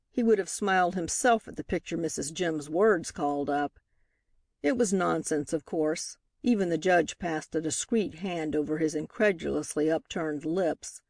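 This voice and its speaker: Measured and expressive, a woman narrates a novel as an audiobook reader, her voice sitting on the low side. The scripted narration is echo-free and recorded at studio quality.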